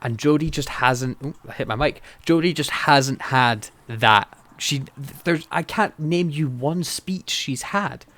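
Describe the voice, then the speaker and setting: A man's voice: on the high side, a little slow, few pauses, a bit bright. A man co-hosting a casual podcast chat, enthusiastic, laughing often and acting out quotes in character. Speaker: podcast co-host.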